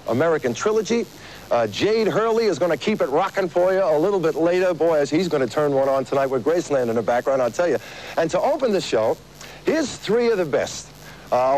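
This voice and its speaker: A middle-aged man hosts a live television variety show from an outdoor location, rattling off a joke-filled opening monologue. His pitch sits slightly high and swings a lot as he talks. A faint outdoor hum runs under the voice. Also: darkish tone, rough recording. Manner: chatty, joking, laughs at his own gags.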